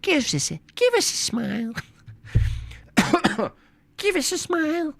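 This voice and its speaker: A shrill, singsong mock-British beggar, wheedling over and over with a coughing, hoarse edge. He drawls slowly, swooping wildly up and down in pitch, and sounds close and dry. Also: very animated, fairly bright tone, dry recording, exaggerated voice. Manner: wheedling, repetitive begging. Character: high-pitched cockney-style male street beggar, pleading.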